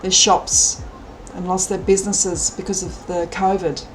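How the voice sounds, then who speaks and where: A middle-aged Australian woman chatting casually on a live stream, animated and thinking aloud. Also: fairly low pitch, measured pace, a little hiss or hum, rough recording.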